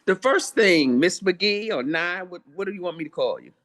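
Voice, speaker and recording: A woman's voice: lowish voice, expressive, moderate pace. Casting: older woman, memoir author guest, earnest, repetitive, preacherly rhythm. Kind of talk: heartfelt interview answers.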